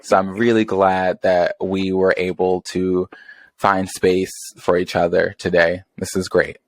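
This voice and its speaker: A man co-hosting a podcast with a low voice, playful and teasing, throwing in sassy asides. His voice sits close and dry on the mic, with no room sound around it. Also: level tone, unhurried, no room sound. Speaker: podcast co-host. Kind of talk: casual chat.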